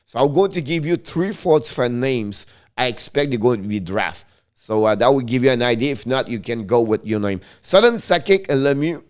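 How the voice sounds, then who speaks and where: A middle-aged man hosting a casual live hockey stream, talking excitably and often restarting and correcting himself. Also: mid-range voice, brisk, smooth.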